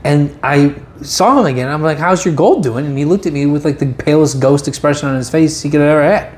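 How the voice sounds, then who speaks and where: Fast-talking, emphatic man. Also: fairly high pitch, fairly even intonation. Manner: quick, emphatic, laughs easily. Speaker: podcast co-host. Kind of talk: casual chat.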